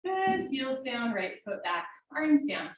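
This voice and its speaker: A woman teaching a live yoga class from home, calling out poses in steady, directive short commands. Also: high voice, slow. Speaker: yoga instructor. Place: home room. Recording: very echoey room, mic far off, faint noise.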